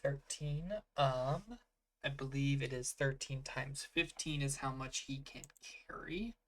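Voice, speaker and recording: Game master, casual narration, many fillers, mid-pitched voice, works out rules aloud. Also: measured pace, a little hiss or hum.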